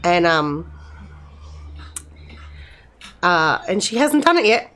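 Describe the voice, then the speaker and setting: A woman's voice: fairly low pitch, very animated, normal speed, fairly bright tone. A middle-aged woman commenting casually on a game, chatty and rambling, speaking to the characters as if they were friends. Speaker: gamer playing and commenting.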